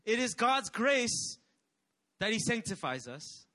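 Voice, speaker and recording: Casting note: young male pastor, sermon delivery, high animated voice with lots of swing, call-and-response energy. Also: slow pace.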